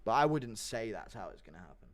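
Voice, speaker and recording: A man's voice: on the low side, very animated, quick pace. A man hosting a casual livestream who reads out donations and answers questions in a blunt, profane, offhand way. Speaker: livestream host.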